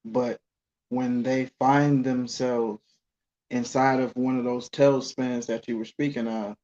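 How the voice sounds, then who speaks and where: A man co-hosting a casual talk, calm and reflective with short replies. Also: medium pitch, slow pace. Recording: dull lo-fi sound.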